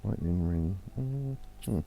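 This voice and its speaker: A man's voice: low-pitched, expressive, very slow, creaky, mellow. Laid-back man streaming a game. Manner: rambling, reads game text aloud, laid back. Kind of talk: casual let's-play commentary. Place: home streaming setup. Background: faint game music.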